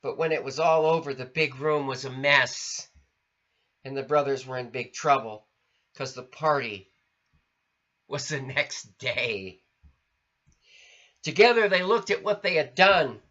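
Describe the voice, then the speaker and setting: A man reading a children's storybook aloud in an expressive, sing-song way. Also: medium pitch, measured pace, long pauses. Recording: lo-fi recording.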